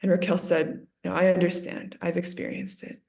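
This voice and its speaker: Earnest woman religious sister, gravelly. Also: lowish voice, normal speed. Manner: earnest, repeats herself, retells quotes lively. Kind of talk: interview, storytelling.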